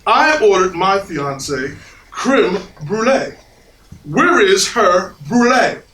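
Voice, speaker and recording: A man's voice: on the high side, measured pace. An actor playing an earnest, fussy groom's father, distant stage. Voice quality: animated storyteller, puts on a pompous French waiter voice. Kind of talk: stage play acting. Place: small theater stage. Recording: echoey theater stage from far off, audience noise.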